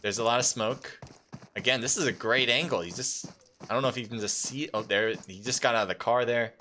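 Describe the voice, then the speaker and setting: A man doing live esports commentary on a mobile battle royale match, calm and explanatory, with loud excited bursts at big plays. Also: mid-range voice, brisk, slight background noise. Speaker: esports caster.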